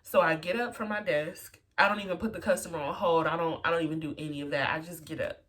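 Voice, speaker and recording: A woman's voice: low voice, fairly even intonation, fast talker, fairly bright tone. A woman telling a personal story in a casual way, full of "like" and "you know" fillers. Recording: voice a bit far from the mic.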